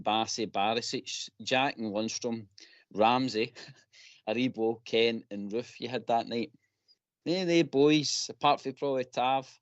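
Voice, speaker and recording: Ranting Scottish football fan. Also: male voice, mid-range voice, no room sound. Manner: impassioned, ranting, broad dialect. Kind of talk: casual chat. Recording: dry, dull lo-fi audio.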